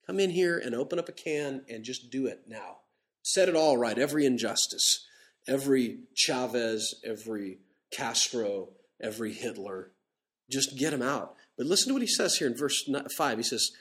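Animated conversational man preaching. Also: mid-range voice. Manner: animated, conversational preaching with slowed emphatic scripture reading. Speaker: pastor. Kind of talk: sermon. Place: church.

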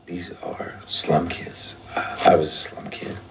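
A very deep, gravelly whisper: an injured novelist stuck in bed in a film drama. He talks weakly and carefully, pausing between words. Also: little pitch movement, exaggerated voice. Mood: wary. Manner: hoarse, halting whisper. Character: injured bedridden male novelist, weak and cautious.

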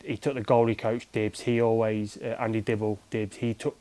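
A man's voice: on the low side, level tone, normal speed, mellow, a little hiss or hum, rough recording. A man, a former goalkeeper, chatting as a guest in an interview and telling stories in a rambling, conversational way with many restarts. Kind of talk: casual storytelling in an interview.

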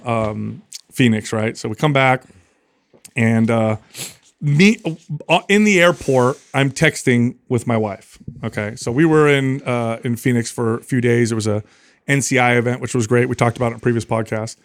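A man co-hosting a podcast, telling a long story in a casual, animated way and acting out what people said. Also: medium pitch, normal speed, dry recording. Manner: animated storyteller, acts out quotes. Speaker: podcast co-host.

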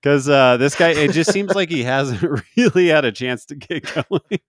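A man's voice: on the high side, expressive, normal speed, dry recording, clean studio sound. A man co-hosting a sports podcast, talking in a rambling way with many fillers and restarts. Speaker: podcast co-host. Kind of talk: casual sports chat.

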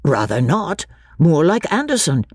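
A woman's voice: low voice, very animated, measured pace, darkish tone, breathy edge, no room sound, clean studio sound, voice pushed up, full character voice. A woman voicing a brash, teasing young brother in a dramatic reading of a classic novel.

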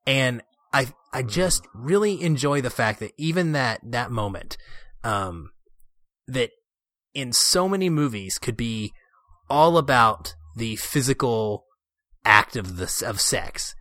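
A man's voice: mid-range voice, lively intonation, a little slow, pushed and bright, no echo, studio quality. A man in casual chat about a film, earnest and enthusiastic, often restarting his sentences. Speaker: podcast co-host discussing a film.

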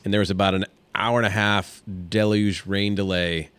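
Low, smooth-voiced male co-host. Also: steady tone, normal speed, fairly bright tone, dry recording. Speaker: podcast co-host. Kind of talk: casual chat.

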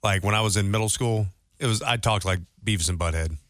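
Smooth-voiced, joking man co-host. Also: fairly low pitch, a bit bright, dry recording, studio quality. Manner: joking, halting, stumbles over words. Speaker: podcast co-host. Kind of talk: casual chat.

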